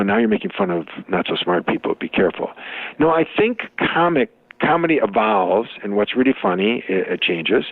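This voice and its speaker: An older man with a Chicago accent, low in pitch, rambles through jokes and examples with frequent restarts. The sound is thin and phone-like, with no room around it. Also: vocal fry, no room sound. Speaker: guest, comic and professor. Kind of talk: interview conversation. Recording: tinny phone-like line.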